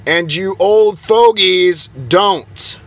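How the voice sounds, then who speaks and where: A man's voice: sits high, drawn-out words, fairly bright tone. A young man, an IT technician, ranting in a flustered, exasperated way and stumbling over his words. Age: young adult. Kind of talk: heated vlog rant.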